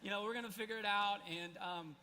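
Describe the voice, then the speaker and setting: Bright-voiced pastor telling a story. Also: male voice, high voice, quick pace, slight background noise. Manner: conversational, many restarts and asides to the congregation. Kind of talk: storytelling sermon. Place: church service, live before a congregation.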